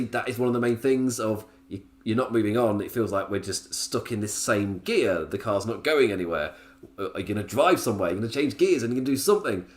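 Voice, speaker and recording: Chatty man laughing through a review. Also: medium pitch. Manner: chatty, laughs often, self-amused asides. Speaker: wrestling podcast host. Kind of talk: casual solo show review.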